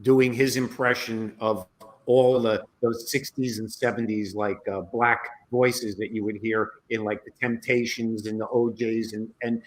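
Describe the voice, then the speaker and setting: A man hosting a casual comedy interview on a video call, relaxed and encouraging. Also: lowish voice, a little slow, a little hiss or hum, low-quality recording. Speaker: host.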